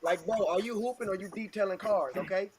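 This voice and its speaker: A man's voice: sits high, a little fast, noisy background. A man co-hosting a podcast, delivering a comedic rant in a punchy rhythm and tagging lines with "okay?" and "all right?". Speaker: podcast co-host.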